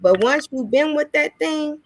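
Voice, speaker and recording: A woman's voice: sits high, animated, a little slow, noisy background. A woman talking casually as a guest, emphatic and testifying. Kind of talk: casual talk.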